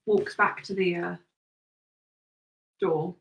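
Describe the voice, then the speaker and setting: A woman narrating a tabletop game as game master, with playful, quick narration. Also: lowish voice, steady tone, gravelly, distant mic. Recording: echoey room, voice from off-mic.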